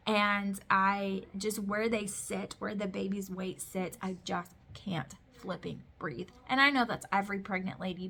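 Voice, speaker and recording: A woman's voice: medium pitch, fairly bright tone. Chatty woman in her thirties vlogging. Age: 30s. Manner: chatty and candid, many fillers and restarts. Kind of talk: casual pregnancy update vlog. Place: home with kids heard in the background.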